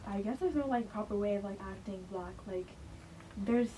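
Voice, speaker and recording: A woman's voice: mid-range voice, normal speed, mellow. A teenage girl in a group discussion, speaking earnestly and filling with "like". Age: teens. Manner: earnest, lots of "like". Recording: distant mic, faint noise.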